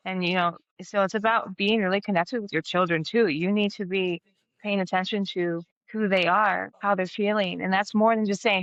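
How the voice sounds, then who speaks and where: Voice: mid-range voice, fairly even intonation, normal speed, fairly bright tone, dry recording, highs cut off. A podcast host giving reflective advice to parents in conversation. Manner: reflective, advisory. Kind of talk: conversational interview.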